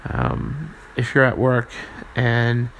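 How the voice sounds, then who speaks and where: A young man talks alone on his podcast, earnest and halting, stumbling through restarts and fillers. His voice sits mid-pitch with a gravelly creak. He swears casually as he goes. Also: big pitch swings, fairly bright tone, a little hiss or hum. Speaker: podcast host. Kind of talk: casual solo podcast monologue.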